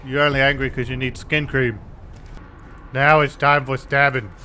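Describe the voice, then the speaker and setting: Bright-voiced man yelling at a video game. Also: medium pitch, normal speed, a little hiss or hum. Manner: crude, taunting, yells at characters; excitable, cheers and shouts. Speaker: gameplay commentator. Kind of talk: playthrough commentary.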